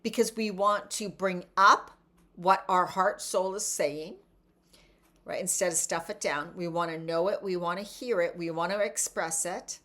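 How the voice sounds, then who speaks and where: Middle-aged female wellness coach, fairly low voice, relaxed encouraging teacher who keeps checking in. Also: unhurried. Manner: conversational, encouraging, checks in with "right?". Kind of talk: casual guided teaching.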